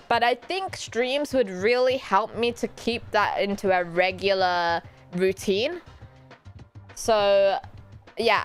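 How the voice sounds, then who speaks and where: A British VTuber streamer chats casually with her viewers, answering their questions in a giggly, animated, teasing way. Her voice sits fairly high.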